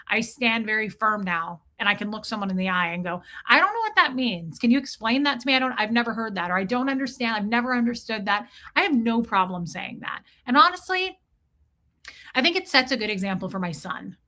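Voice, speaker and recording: A middle-aged woman talks straight to her live-stream viewers, reading their comments and answering them. Her voice is bright and a touch high, and she is frank, animated and quick to swear. She mocks an old put-down by repeating it in a sneering voice.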